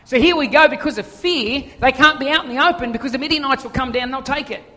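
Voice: high-pitched, fast talker, bright, forceful tone. Preacher in a reverberant hall. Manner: conversational, joking storyteller. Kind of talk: sermon. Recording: long reverb of a large hall.

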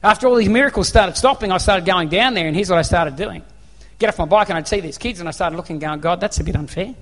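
Earnest Australian preacher, slightly high voice. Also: male voice, quick pace, fairly bright tone. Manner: earnest, conversational, acts out dialogue. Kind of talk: sermon with personal storytelling. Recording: long reverb of a large hall.

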